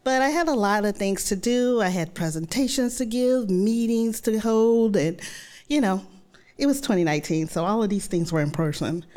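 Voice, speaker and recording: A woman telling a true personal story to an audience in a lively, conversational way, acting out her own thoughts as she goes. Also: mid-range voice, normal speed.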